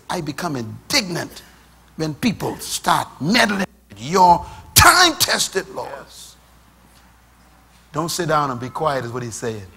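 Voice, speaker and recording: A middle-aged man with a Bahamian accent preaching a sermon. He builds from slow reading up to fiery shouts and calls on the congregation to answer. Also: high-pitched, husky.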